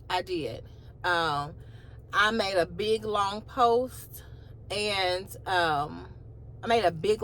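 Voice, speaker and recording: In an animated retelling recorded in a car, this woman vlogger casually voices the other side of a phone conversation, her incredulous asides rising as she goes. Her pitch is mid-range, and a faint hiss or hum is present.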